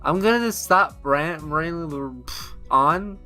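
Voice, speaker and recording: A man hosting a visual novel playthrough, reading aloud and breaking off into rambling, excitable asides. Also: on the high side, slow pace, faint music behind. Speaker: let's-play host.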